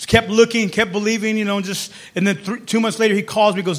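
A man preaching as pastor, telling his story quietly, then building to loud, fervent calls. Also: high-pitched, steady tone, quick pace. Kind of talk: sermon.

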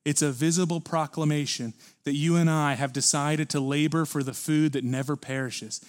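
A man preaching a sermon at a church service, earnest and building to forceful emphasis. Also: a little high, steady tone, normal speed. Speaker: pastor.

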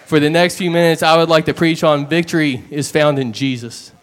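A man delivers a sermon in a fairly high, smooth and clear voice. He tells his stories in an earnest, plain way, sometimes slowing down for weight. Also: steady tone. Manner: earnest storytelling with plain retellings. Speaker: preacher.

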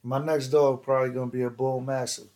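A man's voice: medium pitch, level tone, fast talker, darkish tone. A man telling stories in casual, slangy, profane chat as a podcast host, acting out other people's lines.

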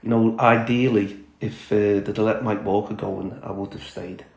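A middle-aged former footballer telling blunt, candid stories as a podcast guest, chatty with many fillers. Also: male voice, lowish voice, steady tone, moderate pace, darkish tone, echoey room, rough recording. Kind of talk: casual storytelling chat.

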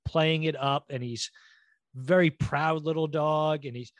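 A middle-aged man co-hosting a podcast in casual chat, telling stories in a rambling, animated way and acting out quotes. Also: fairly high pitch, a little slow, no room sound. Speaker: podcast co-host.

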